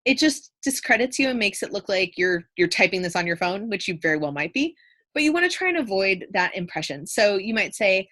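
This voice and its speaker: A young woman teacher talking through a casual video lesson, chatty, with frequent fillers and lively jumps in voice when she reads out example phrases. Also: mid-range voice, fairly quick.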